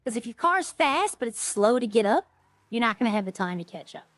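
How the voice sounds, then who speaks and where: A woman's voice: on the high side, very animated, brisk, a bit bright, dry recording. A woman streaming a game, chatting casually with viewers and thinking aloud in a rambling way. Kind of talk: casual gameplay chat to viewers.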